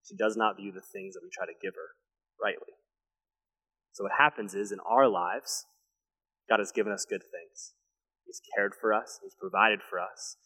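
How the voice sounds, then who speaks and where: A young man preaching a sermon to his church, telling a family story with lively storytelling and then dropping into a hushed, intense delivery. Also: lowish voice. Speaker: pastor. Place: church sanctuary. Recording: long hall reverb.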